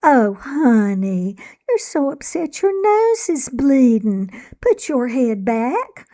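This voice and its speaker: A woman voicing a gentle, worried mother who coaxes and soothes her upset child. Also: sits high, very animated, slow, full character voice. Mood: soothing. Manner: soft, coaxing, cooing.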